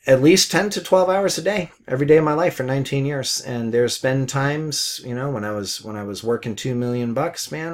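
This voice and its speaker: A middle-aged man teaching forex trading over live market commentary, talking bluntly and repeating himself, with some swearing and laughter. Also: mid-range voice. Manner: chatty, laughs at his own jokes.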